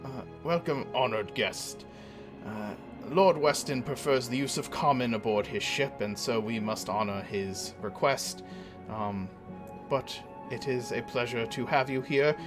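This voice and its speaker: A man's voice: mid-range voice, unhurried, music in the background, natural voice. A man voicing a polite half-orc manservant. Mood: courteous. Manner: courteous, formal welcome.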